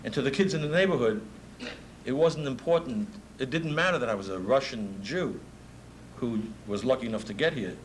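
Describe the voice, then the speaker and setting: A man's voice: mid-range voice, a little fast, a little hiss or hum, rough recording. A man in his fifties with a New York accent, a music promoter telling stories in a speech and laughing often. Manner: animated storyteller, laughs often. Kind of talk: anecdotal speech.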